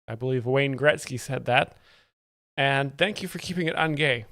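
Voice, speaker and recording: A man's voice: medium pitch, normal speed, pushed and bright, no echo. A man hosting a live stream, rambling through comedy clips and explaining the jokes in a dry, mock-serious way, talking into a desk mic at home. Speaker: livestream host.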